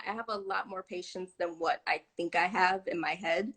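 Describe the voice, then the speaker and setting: A woman's voice: fairly low pitch, steady tone, normal speed, fairly bright tone, breathy edge. A woman in her thirties, a guest chatting on a video call, with lots of ums and frequent laughs. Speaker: interview guest. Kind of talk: casual video-call interview.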